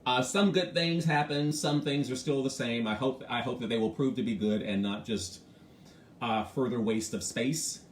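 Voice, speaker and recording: A man with a middle-pitched voice hosts a loose morning stream and greets viewers by name while he talks. His delivery is frank and animated. The sound is roomy and echoey, with a faint hum of ambient noise. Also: moderate pace. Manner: chatty, greets viewers by name between thoughts. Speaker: host of a morning live stream. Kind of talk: casual live-stream commentary.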